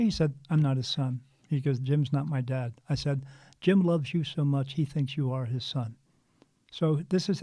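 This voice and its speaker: Earnest gravelly man telling a story. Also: fairly high pitch, dry recording. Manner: earnest, animated storyteller with frequent restarts. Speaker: spiritual medium guest. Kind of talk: casual storytelling interview.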